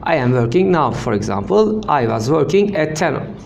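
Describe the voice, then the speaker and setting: A man teaching an English grammar lesson, slowly repeating example sentences and often checking in with "okay?". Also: on the high side, sing-song, vocal fry, a little mellow. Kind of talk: language lesson.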